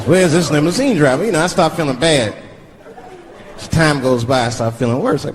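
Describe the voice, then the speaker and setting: A male stand-up comedian telling a profane story, animated, acting out voices of the people in it. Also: high voice, fairly quick, crowd noise. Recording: live show with audience laughter and noise.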